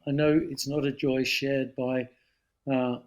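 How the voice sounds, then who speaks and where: A man in his seventies from London's East End with a London accent, a guest telling lively anecdotes and slipping into voices. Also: medium pitch, slow pace. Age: 70s. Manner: animated storyteller, slips into voices. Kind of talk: casual anecdote.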